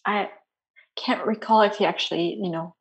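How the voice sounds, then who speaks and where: Soft-spoken woman, halting interview guest. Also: mid-range voice, fairly even intonation, vocal fry. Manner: soft, halting, many restarts and fillers. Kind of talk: personal interview.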